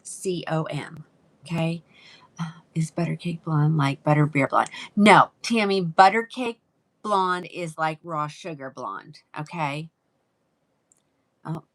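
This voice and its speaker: A woman's voice: low-pitched, animated, slow, a bit bright. A woman hosting a live wig sale, chatting casually and greeting viewers by name. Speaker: live-selling wig seller. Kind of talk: casual livestream sales chat.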